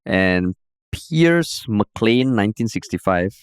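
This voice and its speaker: Low-voiced Singaporean podcast host. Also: male voice, expressive, slow, clear, resonant tone, no room sound, studio quality. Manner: conversational, opinionated, drops "lah" and Singlish words. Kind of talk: casual chat.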